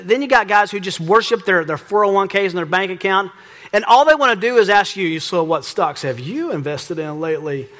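A middle-aged man preaching a sermon as pastor, lively and joking, acting out little exchanges. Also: high-pitched. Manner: lively, joking, acts out dialogue.

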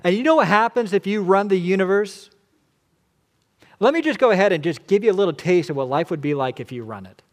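Emphatic preacher man, fairly high voice. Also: animated, brisk. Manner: emphatic, with big swings between loud and hushed delivery. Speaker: pastor. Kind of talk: expository sermon.

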